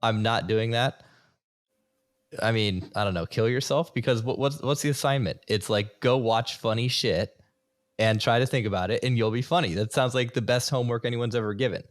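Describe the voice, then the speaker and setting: A man co-hosting a podcast in casual chat, wry and quick to laugh. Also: mid-range voice.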